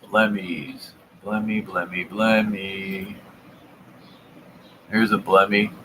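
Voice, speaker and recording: A man hosting his channel, giving casual commentary while browsing old maps, with relaxed, amused, slangy asides. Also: fairly low pitch, slow, noisy background. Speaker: channel host.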